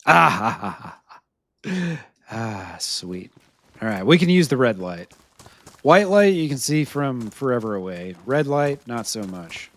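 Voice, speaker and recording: A man's voice: medium pitch, big pitch swings, a little slow, a bit bright, no room sound. A man from the United States streaming a video game live, chatting with viewers, laughing often and talking to himself as he searches for gear. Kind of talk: live gameplay commentary to chat.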